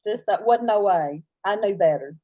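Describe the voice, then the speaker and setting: A woman's voice: mid-range voice, expressive, moderate pace, lo-fi sound. A woman, chatting casually as co-host of a livestream, laughing often as she tells stories. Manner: laughs often, drawling storyteller. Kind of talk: casual live chat.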